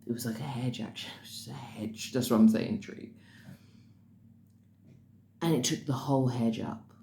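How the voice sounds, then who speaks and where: Very low-voiced woman recounting a dream. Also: fairly even intonation, normal speed, gravelly, dark tone. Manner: emphatic, rising in bursts of emphasis. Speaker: spiritual dream-message host. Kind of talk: casual retelling of a dream. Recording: roomy echo with faint background noise.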